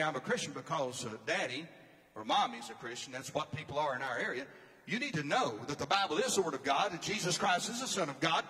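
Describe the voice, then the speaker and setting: High bright preacher guy, emphatic sermon, big hall echo. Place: church or conference hall. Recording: long hall reverb.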